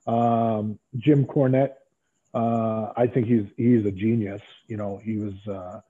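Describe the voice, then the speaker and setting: Man, middle-aged, husky voice, animated storyteller, acts out quoted dialogue, interview guest, tinny phone-line sound. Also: lowish voice, slow. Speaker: interview guest, former pro wrestler.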